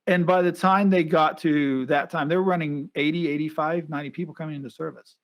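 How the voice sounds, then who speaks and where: A podcast host with a fairly quick, higher-pitched voice tells a story in casual conversation. He's a lively storyteller who acts out the voices of the people involved.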